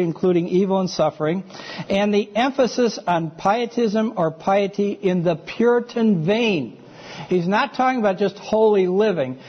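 High-voiced man teaching from the pulpit. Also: muffled recording. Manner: conversational, checks in with listeners. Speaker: preacher. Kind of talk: sermon-style teaching lecture.

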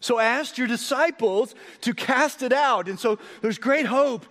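A man preaching a sermon as pastor, moving between hushed, low storytelling and raised, excited emphasis. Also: unhurried. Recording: long hall reverb.

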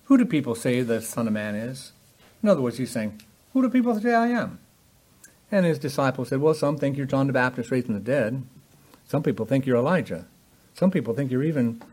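A man's voice: medium pitch, a little mellow. A man preaching a sermon, emphatic and full of rhetorical questions, acting out the voices in the passages he quotes.

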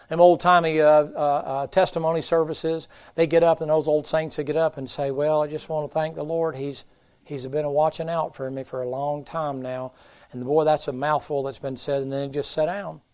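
Man, revival preacher, gravelly, folksy storytelling, middle-aged. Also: a little high. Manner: folksy, storytelling preacher, swings from loud to hushed. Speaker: pastor. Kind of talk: revival sermon.

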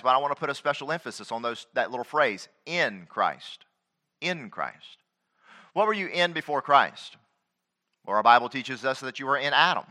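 Bright-voiced, animated male preacher. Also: fairly high pitch. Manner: animated preaching with rising emphatic questions and acted-out quotes. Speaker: pastor. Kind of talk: sermon. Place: church.

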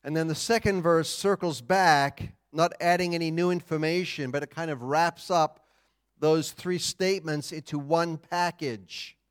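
Slow, deliberate male preacher. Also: a little high, clear, resonant tone. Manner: deliberate, emphatic teaching with pauses. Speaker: pastor. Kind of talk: sermon.

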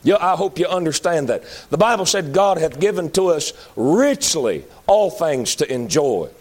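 A man preaching a sermon, moving between loud high-pitched calls and low pleading appeals. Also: big pitch swings, moderate pace.

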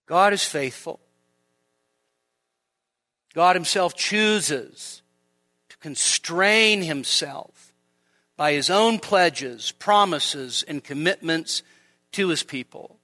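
A male pastor preaching a sermon in a church, animated, with humor and rhetorical questions. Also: a little high, slow, dry recording.

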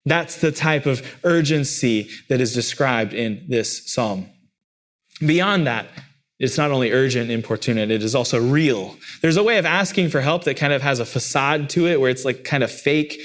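A man preaching a sermon, animated and acting out cries with sudden leaps in pitch. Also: normal speed. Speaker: pastor.

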